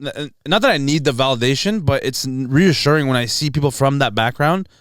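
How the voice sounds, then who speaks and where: A man's voice: mid-range voice, a little fast, no room sound. Slangy young Canadian man, dry close sound. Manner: excitable, slangy, breaks into loud put-on voices. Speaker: comedian guest. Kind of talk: casual podcast chat.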